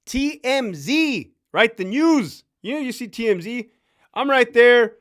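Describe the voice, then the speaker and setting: A man's voice: very high-pitched, measured pace. A man in his fifties, a former prison officer, telling profane stories with lots of laughter on a casual live stream. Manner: profane, laughing, animated storyteller.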